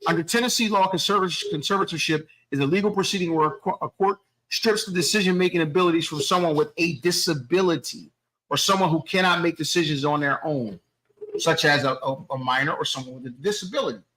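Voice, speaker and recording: Man, high voice, measured, explanatory, wry, casual podcast debate. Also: sharp tone, low-quality recording. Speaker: podcast co-host.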